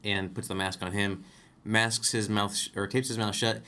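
A man's voice: fairly low pitch, level tone, normal speed, sharp tone. A man co-hosting a casual film discussion, rambling and correcting himself as he explains. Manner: rambling, self-correcting, chuckles while explaining. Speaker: podcast co-host.

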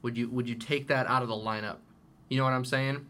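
Bright-voiced man asking follow-up questions. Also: mid-range voice, fairly even intonation, fairly quick, a little hiss or hum. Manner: conversational, asks probing follow-up questions. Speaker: podcast co-host. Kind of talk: casual film discussion.

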